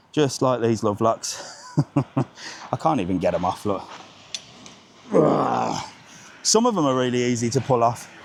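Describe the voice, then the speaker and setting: A man in his forties hosting a live walking travel vlog, chatty and quick to greet passersby. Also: medium pitch, a little mellow, a little hiss or hum. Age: 40s. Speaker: travel vlogger host. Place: seafront promenade outdoors.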